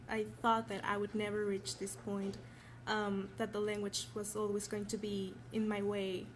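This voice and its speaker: A woman's voice: mid-range voice, a little hiss or hum. A teenage girl from Mexico with a Mexican Spanish accent, her native tongue Spanish, giving a nervous, earnest award acceptance speech. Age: teens. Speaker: honored student.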